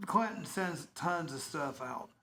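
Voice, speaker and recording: A man hosting casual local radio, chatty and rambling and quick to laugh. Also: on the high side, expressive, bright, forceful tone, slight background noise.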